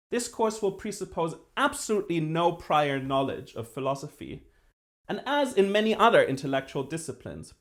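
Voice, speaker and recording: A man giving a university philosophy lecture as the professor, precise and lively, with dry self-deprecating humor. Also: a little high. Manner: acts out voices when telling a joke.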